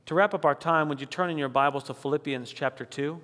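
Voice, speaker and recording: A man preaching a sermon, emphatic on key declarations and dropping low and slow when he reads scripture. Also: a bit bright, in a large hall. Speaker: pastor.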